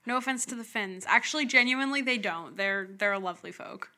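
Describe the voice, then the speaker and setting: A woman's voice: mid-range voice, brisk, pushed and bright. A young woman co-hosting a podcast in casual, playful chat, joking and poking fun at her own mispronunciations. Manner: playful, jokey, mispronounces words self-mockingly. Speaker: podcast co-host.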